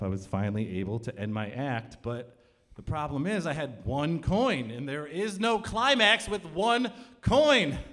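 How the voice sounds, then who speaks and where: A man telling a comic true story live on stage before an audience, acting out the dialogue. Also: mid-range voice. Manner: animated, comic, acts out dialogue. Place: cultural center stage, in front of an audience.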